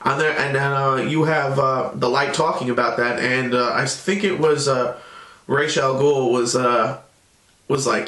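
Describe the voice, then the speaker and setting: A man's voice: medium pitch, fairly even intonation, unhurried, a bit bright, echoey room. A man casually recapping a cartoon episode in a loose, rambling way. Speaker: show reviewer.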